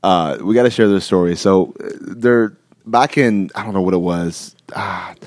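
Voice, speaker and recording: A man's voice: sits low, normal speed, darkish tone, no room sound, studio quality. Laughing, rambling male podcast host. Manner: rambling storyteller, frequent restarts and laughter. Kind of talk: casual chat.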